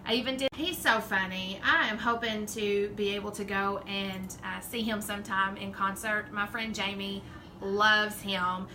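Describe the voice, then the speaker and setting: A woman's voice: medium pitch, steady tone, unhurried, pushed and bright, slight background noise, rough recording. A woman with a Southern drawl chatting casually and rambling as the host of a home craft livestream. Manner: chatty, rambling, laughs often. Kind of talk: casual live-stream chat.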